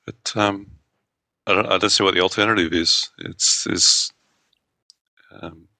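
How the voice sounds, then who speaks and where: A man co-hosting a gaming podcast, relaxed and hesitant, with many ums and restarts. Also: low voice, a little slow, vocal fry, dry recording. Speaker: podcast co-host. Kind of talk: casual podcast chat.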